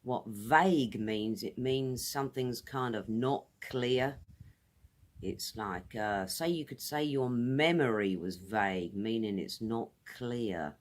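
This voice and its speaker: Slow-spoken British woman teaching English. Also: very deep voice. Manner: friendly, repeats words slowly for pronunciation. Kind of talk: casual video lesson. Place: outdoors.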